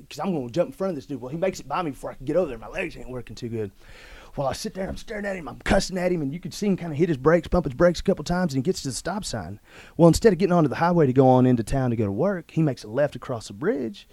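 A man telling a personal story in casual, rough-spoken talk, often saying "man" and "dude". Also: medium pitch, no room sound. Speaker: guest telling his story.

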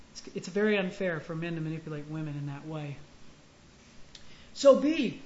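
A man giving a sermon to a room of men, conversational and halting, with frequent restarts and punchy stresses. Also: high voice, a little hiss or hum. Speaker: preacher. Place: room with an audience. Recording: echoey, muffled room recording with faint ambience.

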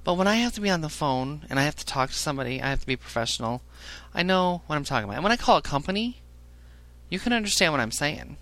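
A man's voice: sing-song, fast talker, a bit bright. A man hosting a casual podcast, swearing a lot and ranting about callers from his phone job. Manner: profane, ranting, mimics callers in a high voice. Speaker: podcast host; phone service worker. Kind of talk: casual crude chat.

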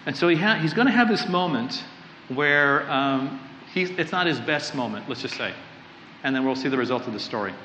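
A man's voice: mid-range voice, expressive, normal speed, bright, forceful tone, a little hiss or hum. A man preaching a sermon to a live audience, talking casually with joking asides and frequent restarts. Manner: conversational, rambling, self-interrupting. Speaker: pastor. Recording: echoey hall, slightly dull sound.

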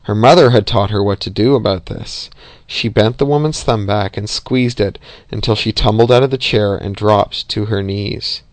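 Guy reading a story out loud, even pace, dry mic, no room sound. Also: fairly low pitch, normal speed, no echo. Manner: even, occasional slips and sighs. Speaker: narrator. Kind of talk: reading a novel aloud.

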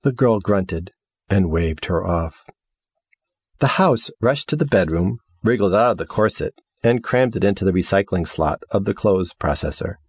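A man narrating a story as an audiobook reader, with measured, expressive delivery. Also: low-pitched, slightly rough, dry recording, studio quality. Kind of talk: scripted narration.

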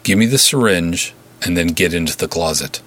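A man doing a calm, low-voiced action hero. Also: normal speed. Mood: reassuring. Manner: calm, reassuring, firm.

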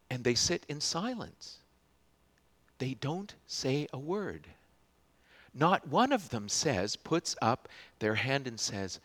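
A man preaching a sermon as a pastor, telling the story with lots of restarts and swings from loud to hushed. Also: mid-range voice, big pitch swings, slow pace.

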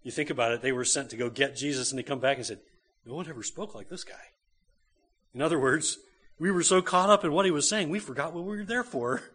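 Man, pastor, sermon, conversational asides, husky, fairly high voice. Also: fast, a bit bright. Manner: conversational preaching with asides to the congregation. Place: church.

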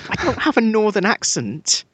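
A man's voice: sits high, huge pitch swings, moderate pace, a bit bright, slightly rough, no room sound. A man with an English Midlands accent co-hosting a podcast, chatting casually with dry, self-mocking humor and plenty of ums. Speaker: podcast co-host.

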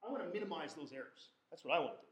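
A man's voice: on the high side, lively intonation, very fast. A man lecturing a statistics class in an informal, joking way, often restarting and correcting himself. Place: lecture hall. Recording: echoey lecture hall.

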